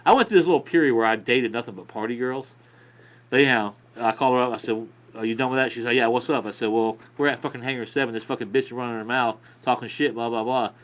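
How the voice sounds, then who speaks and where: A man's voice: medium pitch, quick pace. A man telling a rambling, profane bar story in casual podcast chat. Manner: profane, rambling anecdote with acted quotes.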